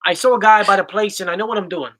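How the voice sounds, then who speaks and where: A man doing a swaggering South Philadelphia Italian tough guy, loud and fast-talking, bright-toned voice. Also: sits high, fairly even intonation. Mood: brash.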